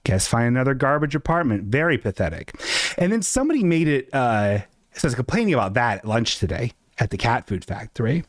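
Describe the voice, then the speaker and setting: Animated man ranting on a live stream. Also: fairly quick, no room sound. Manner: animated, self-mocking, jumps into high squeaky voices for quotes. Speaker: streamer host. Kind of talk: casual live-stream rant. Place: apartment.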